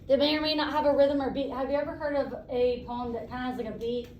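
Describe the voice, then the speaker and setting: A woman teacher leading a classroom lesson, brisk and encouraging, asking the class questions. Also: sits high, steady tone, echoey room, far from the mic, highs cut off, a little hiss or hum.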